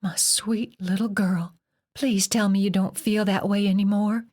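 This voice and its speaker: A woman voicing a gentle, worried middle-aged mother who speaks softly and tearfully, near a whisper. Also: mid-range voice, fairly even intonation, unhurried, pitched above the performer's own voice, lightly acted. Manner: soft, tearful, hushed.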